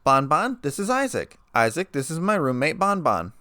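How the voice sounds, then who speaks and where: A man's voice: fairly high pitch, very animated, moderate pace, sharp tone, dry recording, pitched above the performer's own voice. A man voicing an eager, obsessive young female unicorn who talks in an insistent way.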